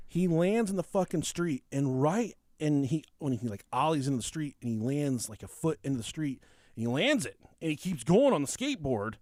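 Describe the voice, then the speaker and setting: Young guy on a podcast, lively up-and-down voice, swears a lot, dry close sound. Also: fairly high pitch, a little fast, no room sound. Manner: profane, animated, acts out quoted people. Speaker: podcast host. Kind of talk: casual storytelling chat.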